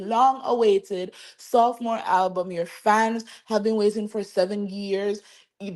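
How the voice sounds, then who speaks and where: A woman hosting a celebrity gossip show, giving chatty, animated commentary and talking straight to her viewers. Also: medium pitch. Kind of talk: casual commentary to camera.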